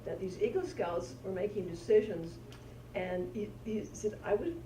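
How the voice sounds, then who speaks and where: A woman's voice: mid-range voice, expressive, dark tone. Hesitant woman telling a story from afar. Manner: halting, with restarts. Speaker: workshop participant sharing a story. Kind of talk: telling an anecdote. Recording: distant voice in an echoey room, clear noise.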